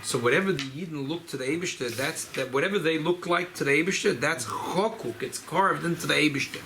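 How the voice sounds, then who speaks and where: A rabbi, speaking informally at a farbrengen gathering, often repeating and restarting phrases. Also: male voice, fairly high pitch, fairly quick, sharp tone, slight background noise, rough recording. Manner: repetitive, restarts phrases, mixes Yiddish and Hebrew terms. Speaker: rabbi giving a farbrengen talk. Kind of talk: informal Chassidic talk at a gathering.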